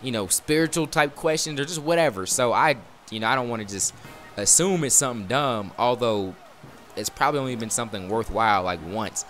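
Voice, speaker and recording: A man giving casual, rambling commentary over his own video game match, with sudden bursts of excitement during big plays. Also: medium pitch, a little fast, soft background music. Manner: laid-back, rambling storytelling with bursts of excitement. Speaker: gaming video creator. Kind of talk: live gameplay commentary.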